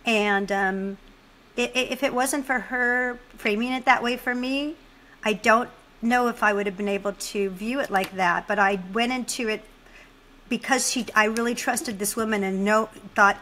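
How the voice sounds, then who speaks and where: A woman's voice: a little high, moderate pace, sharp tone, poor audio. A middle-aged woman hosting a podcast, talking in an earnest, heartfelt way and openly emotional. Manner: emotional, earnest, speaks from the gut. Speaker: podcast host. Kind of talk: casual heartfelt conversation.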